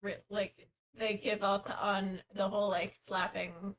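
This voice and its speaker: A woman's voice: medium pitch, flat delivery, fairly bright tone, recorded from a distance, slight background noise, low-quality recording. A woman in a tabletop game over an online call, rambling casually about the rules. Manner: rambling, quick put-on quotes.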